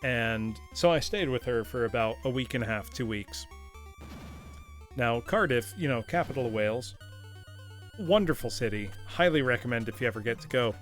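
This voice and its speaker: A man's voice: mid-range voice, expressive, moderate pace, a bit bright, soft background music. An American man hosting a live game stream, telling a story casually and laughing often. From United States. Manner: chatty storyteller, laughs often, reads chat aloud. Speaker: streamer host. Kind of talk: casual live-stream chat while gaming.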